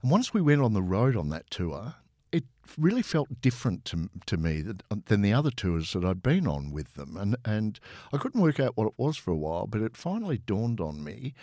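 Very deep-voiced man telling stories. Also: sing-song, normal speed, dark tone, no room sound, clean studio sound. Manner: anecdotal, chatty, with fillers. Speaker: interview guest, former tour manager. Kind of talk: relaxed storytelling.

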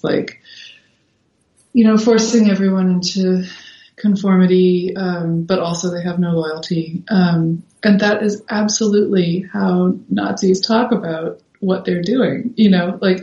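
Lower-voiced woman chatting, filler-heavy. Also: mellow. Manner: thinks aloud with many fillers. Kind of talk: casual conversation. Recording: roomy, dull lo-fi sound.

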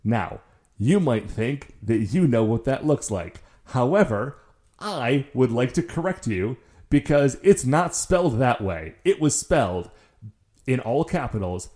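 Speaking at a measured pace in a mid-range voice, a male podcast co-host tells a story on a casual show. He grows animated, and his excitement brings lots of stammering restarts.

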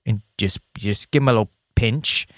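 A man's voice: on the low side, normal speed, no echo, clean studio sound. A man co-hosting a casual podcast, jokey and explaining topics at length with frequent restarts. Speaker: podcast co-host. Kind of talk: casual chat.

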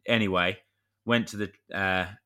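A man's voice: deep voice, steady tone, unhurried, pushed and bright. A man, co-hosting a podcast and telling a rambling story in casual chat. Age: 30s. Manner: rambling storyteller, chatty with mild swearing. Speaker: podcast co-host.

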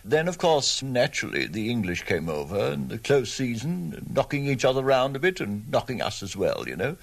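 Cork man, folksy raconteur, lively up-and-down delivery, mid pitch. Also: moderate pace, vocal fry. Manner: humorous, folksy, leisurely asides. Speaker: local raconteur. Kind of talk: storytelling interview.

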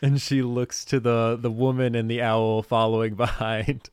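A man narrating a tabletop game as game master, in a relaxed, casual way. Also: mid-range voice, moderate pace, smooth, no room sound, clean studio sound.

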